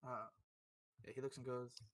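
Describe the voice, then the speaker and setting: Man at a tabletop session, chatty and rambling, bright voice. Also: medium pitch, little pitch movement, normal speed. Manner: laughing, rambling with fillers. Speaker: tabletop game player. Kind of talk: casual tabletop role-play narration.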